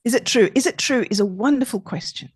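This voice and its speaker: A middle-aged woman therapist talking as a podcast guest, expressive and emphatic, repeating her key points. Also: a little high, fast, husky, dry recording, studio quality. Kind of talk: conversational podcast interview.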